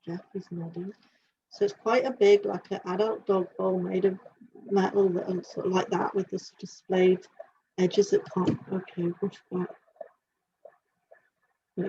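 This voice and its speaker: A woman working as an animal communicator, giving a live reading and thinking aloud in halting, searching phrases. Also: mid-range voice, fairly even intonation, dark tone. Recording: dull lo-fi sound with faint hiss.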